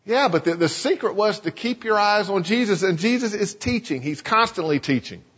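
A man's voice: sits high, animated, moderate pace, fairly bright tone, slightly rough. A male pastor preaching a sermon in a church, telling scripture stories with dramatic flair. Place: church sanctuary. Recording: echoey church sanctuary, dull lo-fi sound.

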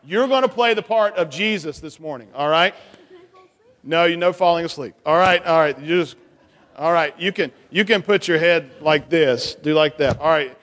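A high-voiced man leads a children's sermon, coaxing and playful as he directs the kids. His voice rings with the long reverb of a church sanctuary. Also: moderate pace, fairly bright tone.

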